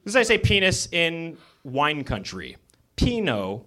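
Guy doing standup, high voice, swoopy up and down, mock-angry yelling bits. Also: very animated, normal speed, very noisy. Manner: shouted mock-angry rhythmic chant. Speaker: stand-up comedian. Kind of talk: live stand-up comedy. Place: comedy club stage with audience laughing.

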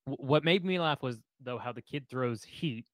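A man co-hosting a casual sports podcast, thinking out loud with pauses and half-finished sentences, broken up by dry jokes. His voice sits at a middle pitch and is recorded close and dry. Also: no room sound. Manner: hesitant, trailing off, dry quips. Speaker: podcast co-host.

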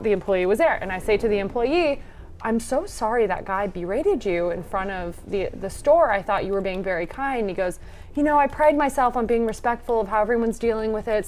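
A woman's voice: medium pitch, slight background noise. A woman co-hosting a casual chat podcast, telling a story and acting out the people in it. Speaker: podcast co-host.

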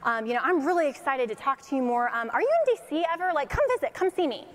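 A woman's voice: sits high, big pitch swings, fast talker, long reverb tail. Woman quoting a boastful older male president. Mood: effusive. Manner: effusive, repeats short praise.

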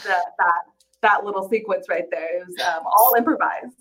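A woman co-hosting a casual podcast chat, laughing often and trailing off before she finishes a thought. Her voice sits at an ordinary middle pitch, easygoing and conversational. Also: normal speed, fairly bright tone, low-quality recording. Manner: chatty, laughs often, trails off mid-sentence. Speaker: podcast co-host.

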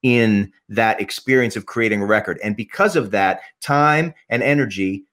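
A man's voice: fairly low pitch, moderate pace, a bit bright. A man talking as a podcast guest, rambling passionately about music, swearing freely and restarting his sentences. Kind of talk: casual podcast conversation.

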